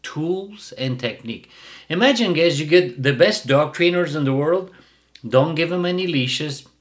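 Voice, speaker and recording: A man's voice: a little high, a little slow. A middle-aged man who hosts a dog-training show and delivers a blunt, mocking casual rant. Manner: blunt, mocking, bursts of laughter.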